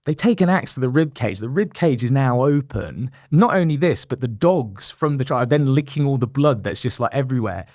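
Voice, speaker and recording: A man's voice: mid-range voice, expressive, fairly quick, hardly any pauses, a little mellow, no echo, clean studio sound. A young man, a guest on a podcast, telling a long anecdote with laughs and apologetic asides. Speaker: guest, endurance athlete. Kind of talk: animated storytelling in a podcast interview.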